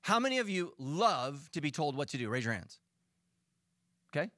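A middle-aged man, a lead pastor, preaching a sermon in a joking, animated, self-mocking way. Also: a little high, normal speed, no echo, studio quality. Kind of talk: sermon with storytelling.

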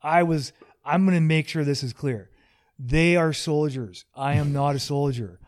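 A man hosting a casual podcast, joking and rambling, quick to poke fun at himself. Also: a little high. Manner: joking, rambling, self-deprecating. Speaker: podcast host.

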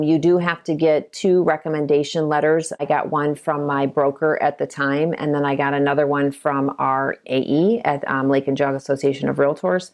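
In a relaxed conversational interview, a middle-aged realtor and broker from Ohio spins chatty stories, performing the quotes herself. Her voice sits low and sounds a little mellow.

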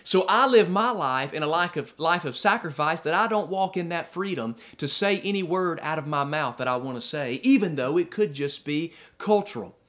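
A man preaching a sermon as pastor to his church, firing off rhetorical questions, slowing down to stress key phrases, and telling personal stories. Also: on the high side, animated, a bit bright. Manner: conversational asides and personal stories.

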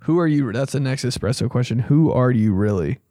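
A man hosting a comedy podcast, riffing in a casual, animated way and swearing freely. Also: mid-range voice, fairly quick, dry recording, clean studio sound.

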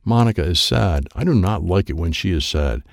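A man's voice: deep voice, expressive, a little fast, gravelly, dry recording, clean studio sound. A man reading a children's book aloud in first person, in plain short sentences. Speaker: audiobook narrator.

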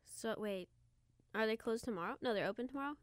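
Smooth-voiced young woman chatting. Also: on the high side, fast talker, no room sound. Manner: chatty, rambling, uses slang. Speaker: podcast co-host. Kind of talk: casual chat.

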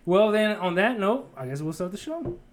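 A man's voice: high voice, sing-song, normal speed. A man hosting a podcast in casual chat, rambling and restarting his sentences. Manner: rambling, with frequent restarts and laughs. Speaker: podcast host.

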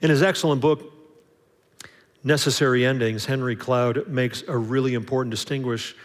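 A man's voice: medium pitch, fairly even intonation, moderate pace, big-room sound. A man preaching a sermon in a conversational way, acting out little dialogues and often restarting his sentences. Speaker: pastor.

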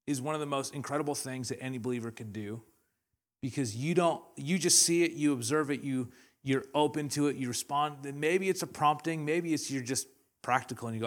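A man's voice: medium pitch, moderate pace. A young adult man from Canada preaching a sermon, telling stories animatedly with laughter and acted-out quotes. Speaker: pastor. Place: church hall.

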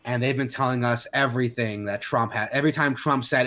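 A man's voice: medium pitch, steady tone, fast, hardly any pauses, pushed and bright. A man co-hosting a podcast, ranting heatedly in casual chat with many restarts and fillers. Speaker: podcast co-host.

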